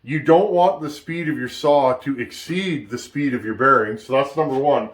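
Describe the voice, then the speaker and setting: A man's voice: mid-range voice, moderate pace. A man hosting a casual workshop tutorial, thinking aloud as he works, restarting sentences and checking in with "okay?" often. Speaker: chainsaw builder and channel host.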